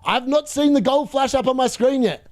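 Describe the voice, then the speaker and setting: Excitable high-voiced man streaming. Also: normal speed. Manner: excitable, gloating, laughs often, repeats himself. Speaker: fantasy football streamer hosting a live watchalong. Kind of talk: live stream commentary.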